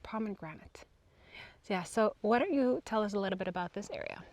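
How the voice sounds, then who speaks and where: A woman's voice: mid-range voice, quick pace, slight background noise. A woman community manager chatting on an outdoor tour, sometimes searching for words. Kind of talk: walking tour chat. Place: outdoors on hillside land.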